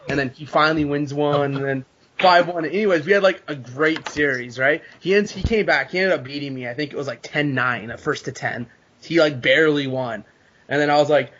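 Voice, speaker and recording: A man guest on a casual podcast, telling a story with animated, profane energy. His voice sits in an ordinary middle register. The recording is dull and lo-fi. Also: medium pitch, a little fast. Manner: animated storytelling, swears a lot. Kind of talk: casual chat.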